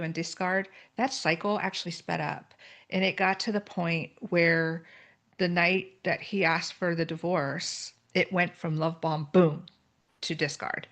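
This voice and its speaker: A middle-aged woman with a lowish, fairly bright voice tells her own story as a guest in a podcast conversation. She is candid and earnest, explaining terms with plain examples.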